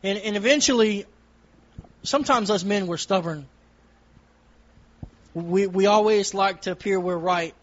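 High-voiced man giving earnest church testimony. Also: a little slow, long pauses, dull audio. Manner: earnest, repetitive preaching cadence. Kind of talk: sermon testimony.

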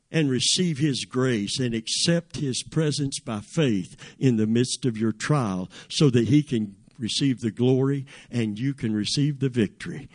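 A man preaching a sermon in a church, calling out to the congregation with emphatic, drawn-out phrases and rising exclamations. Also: mid-range voice. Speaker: pastor. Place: church sanctuary.

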